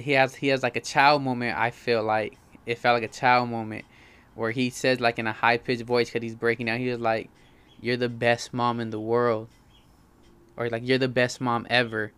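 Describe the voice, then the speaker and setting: A young man casually reviewing movies in a slangy, animated way, swearing freely. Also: medium pitch, smooth. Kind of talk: casual profane chat.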